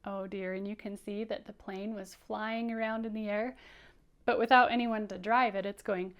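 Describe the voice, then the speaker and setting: A woman teaching young children, reading aloud with an encouraging, animated manner. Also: mid-range voice, normal speed, clear, resonant tone, dull audio. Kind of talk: children's read-aloud lesson.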